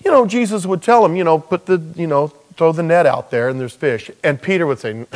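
A man's voice: fairly high pitch, expressive, normal speed, in a large hall. A man preaching a sermon in a humorous, conversational storytelling way, acting out quoted dialogue.

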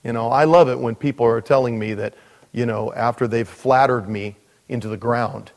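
A man, a pastor, preaching a sermon in a relaxed, joking way, with lots of asides. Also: medium pitch, moderate pace. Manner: conversational, joking, frequent "you know" asides. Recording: long reverb of a large hall.

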